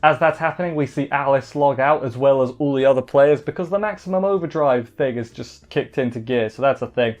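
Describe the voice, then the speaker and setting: A man casually reviewing an anime episode in an excitable, rambling way, often restarting his sentences. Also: medium pitch, a little fast, few pauses. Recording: slightly muffled with faint background music.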